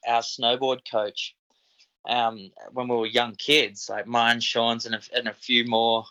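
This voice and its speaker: Laid-back Australian man, bright voice. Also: mid-range voice, flat delivery, unhurried, lo-fi sound. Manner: laid-back, swears often, frequent "dude" and "man". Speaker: podcast guest, equipment operator. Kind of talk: casual storytelling.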